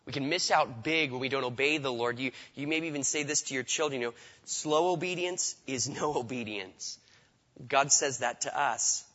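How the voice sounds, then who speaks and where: A man's voice: medium pitch, normal speed, pushed and bright, long reverb tail, dull audio. A man preaching a sermon in a conversational way, often repeating words as he starts a sentence. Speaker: pastor.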